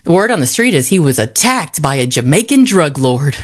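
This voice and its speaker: A woman with a deep voice co-hosts a radio morning show from the studio, dishing celebrity gossip fairly quickly and very animatedly. She's chatty and wry and laughs easily in this casual showbiz chat.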